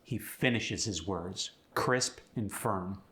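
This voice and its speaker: A man's voice: fairly low pitch, slow pace, bright, forceful tone. A man hosting a pronunciation tutorial, explaining sounds casually and demonstrating words. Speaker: accent coach and host.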